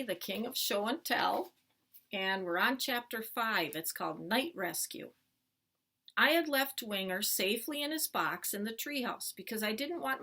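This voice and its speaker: Bright-voiced woman reading to children. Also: mid-range voice. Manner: clear, expressive storytelling. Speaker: teacher. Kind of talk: reading a chapter book aloud to children.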